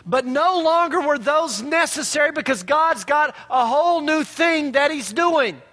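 A man's voice: very high-pitched, expressive, a little slow, pushed and bright. A man preaching a sermon in a conversational way, asking the listeners questions and answering them himself. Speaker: pastor. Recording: long hall reverb.

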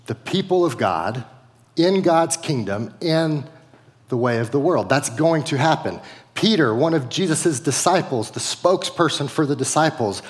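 A man's voice: fairly high pitch, big-room sound. A middle-aged man preaching a sermon as a pastor, conversational, with frequent casual fillers.

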